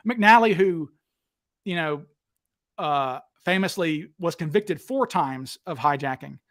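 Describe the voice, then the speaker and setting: High-voiced man telling animated stories. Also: slow pace. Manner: animated, acts out quotes with raised voice. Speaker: podcast host. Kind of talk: casual storytelling chat.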